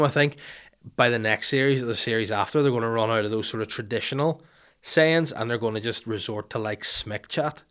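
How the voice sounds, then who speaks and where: A man's voice: medium pitch, a bit bright. A man with a Northern Irish accent hosting a casual, joking, sweary chat. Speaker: podcast host.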